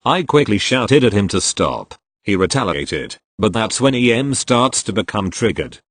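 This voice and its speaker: A male narrator reading posts aloud in a matter-of-fact way and spelling out each abbreviation. His voice is fairly low but moves a lot in pitch. The recording is dry and close, with no room sound. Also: sing-song, normal speed, no echo. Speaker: story reader. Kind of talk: scripted narration of online posts.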